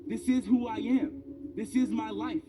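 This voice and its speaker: A man's voice: very high voice, fairly even intonation, unhurried, distant mic. A man in his thirties giving a motivational speech, telling a personal story with emphatic, building delivery. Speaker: motivational speaker. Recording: speech over loud background music.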